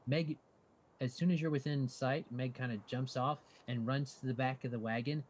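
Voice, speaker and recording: A man narrating a tabletop game as game master, relaxed and halting with fillers. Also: mid-range voice, slightly rough.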